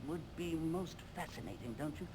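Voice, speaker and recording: A man's voice: on the high side, animated, moderate pace, noisy background, close to an everyday voice. An actor playing a jovial, upper-class police surgeon in a video game, who jokes and is pleased with his own wit.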